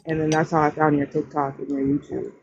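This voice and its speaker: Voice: medium pitch, little pitch movement, a little fast, vocal fry, breathy edge. A guest on a casual livestream chat who talks in a friendly, eager way. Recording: dull, faintly noisy stream audio.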